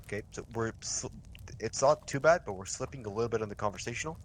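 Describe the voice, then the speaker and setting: A young man with a fairly low voice explains radio procedure to a trainee in a relaxed, loose way, restarting sentences and swearing offhandedly. A faint hiss of background noise sits under his voice. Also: fast talker. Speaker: milsim instructor. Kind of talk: casual training session.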